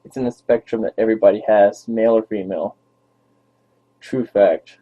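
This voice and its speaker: A man's voice: on the low side, steady tone, normal speed. A young man rambling playfully to his dog on camera in baby talk, as a vlogger. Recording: tinny phone-like lo-fi audio.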